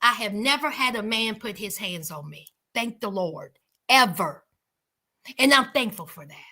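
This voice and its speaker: A woman's voice: medium pitch, animated, a little slow, bright, forceful tone. A woman giving outspoken reaction commentary on a reality show, calling her viewers honey.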